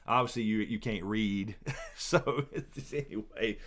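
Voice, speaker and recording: A man's voice: fairly low pitch, takes it slowly, a bit bright. A man with a Southern American accent hosting a casual livestream chat, rambling, laughing often and full of fillers and restarts. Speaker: YouTube channel host.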